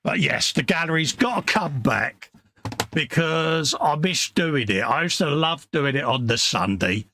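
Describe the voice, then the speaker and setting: A man's voice: fairly high pitch, expressive, unhurried, sharp tone, slight background noise. A middle-aged man co-hosting a casual hobby livestream, joking with his partner and reading out chat comments. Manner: jokey banter, reads out chat comments. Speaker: livestream co-host.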